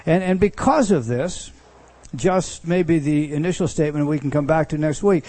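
A man teaching scripture from the pulpit, his voice mellow and a little higher than most men's. He talks in a conversational way, restarting phrases and leaning hard on key words for emphasis. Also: moderate pace, no room sound. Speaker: pastor teaching a Bible study. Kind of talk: expository sermon teaching.

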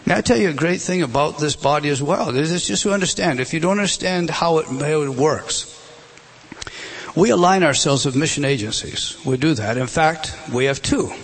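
A man's voice: on the high side, moderate pace, slightly rough. A middle-aged man preaching a sermon, emphatic, with rhetorical questions. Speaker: pastor.

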